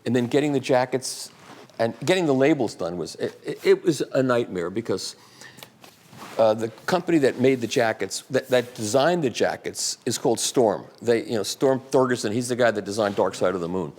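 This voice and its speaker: A mid-pitched man talks casually to a live audience. He rambles and restarts, adding asides as he goes. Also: lively intonation, normal speed, darkish tone. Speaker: guest speaker at a live audiophile talk. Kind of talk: casual talk answering audience questions. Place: hall at a live event.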